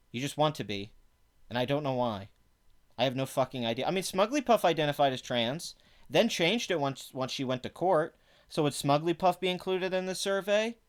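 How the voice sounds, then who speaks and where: A man giving sarcastic, profane commentary, reading parts of an article aloud between exasperated rants. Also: medium pitch. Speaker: online commentator.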